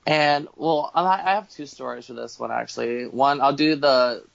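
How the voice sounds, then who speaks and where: Heard without echo in a dull lo-fi home recording, this podcast guest has a gravelly, medium-pitched voice and talks at a normal speed. His casual storytelling wanders, with plenty of cursing and lively impressions of what people said.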